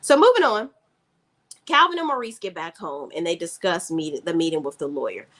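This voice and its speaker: With a fairly bright tone and a voice on the low side, this woman delivers a very animated, sassy recap of a TV episode at a moderate pace. She's a reviewer offering casual, opinionated commentary and switching into quoted dialogue.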